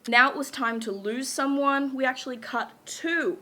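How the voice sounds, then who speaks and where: A woman's voice: sits high, moderate pace, sharp tone, a little hiss or hum. Bubbly giggly young woman. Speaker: YouTuber recapping a TV show. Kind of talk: casual chat.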